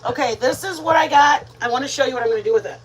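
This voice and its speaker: Woman, home cooking livestream host, rambling chatty delivery, slightly high voice, faint background noise. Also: very fast, rough recording. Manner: chatty, rambling, addresses viewers as "you guys". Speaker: host of a live cooking stream. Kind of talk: casual live-stream chat while cooking. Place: home kitchen.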